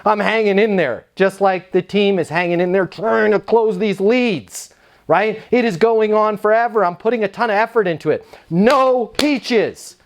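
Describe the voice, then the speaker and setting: A man with a fairly high voice tells an energetic story in a casual, conversational way. He sounds relaxed and animated, like he is speaking to a room of salespeople. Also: moderate pace. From United States. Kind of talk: storytelling talk.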